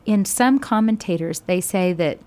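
A woman teaching a Bible study, retelling scripture in conversation with sudden animated bursts. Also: medium pitch, moderate pace.

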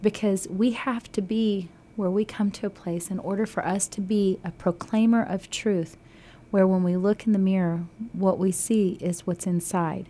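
A woman's voice: medium pitch, steady tone, normal speed, hardly any pauses, warm tone. A woman from Texas co-hosting a Christian radio show, talking earnestly through scripture with frequent restarts. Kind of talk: devotional radio talk.

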